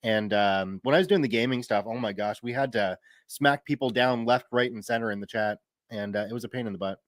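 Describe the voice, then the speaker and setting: A man's voice: medium pitch, fairly quick, dry recording, studio quality. A man in his thirties chatting casually on a live stream, reading viewer comments aloud and laughing easily. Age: 30s. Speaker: streamer and story reader.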